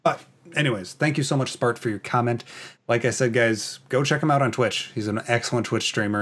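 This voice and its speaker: Rambling Canadian man, low voice. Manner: rambling, filler-heavy, enthusiastic fan talk. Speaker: podcast host. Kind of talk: casual chat, reading viewer comments.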